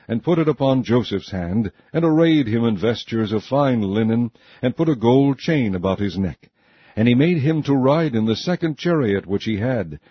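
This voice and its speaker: Husky man reading scripture solemnly. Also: medium pitch, no room sound. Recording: dull, muffled sound.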